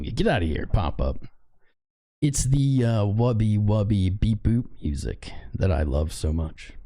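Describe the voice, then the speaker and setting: Hoarse man casually greeting viewers. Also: on the low side. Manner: loose and playful, shouting out viewers by name. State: hoarse, voice mostly gone. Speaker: crypto trading livestream host. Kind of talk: casual livestream chat.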